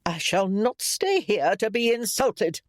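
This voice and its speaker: A woman's voice: big pitch swings, normal speed, dry recording, studio quality. A man voicing a haughty, domineering elderly noblewoman in an audiobook, speaking in a cold, imperious way. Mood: indignant. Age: older. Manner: cold, imperious, rising to shrill shrieks. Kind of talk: audiobook character voice.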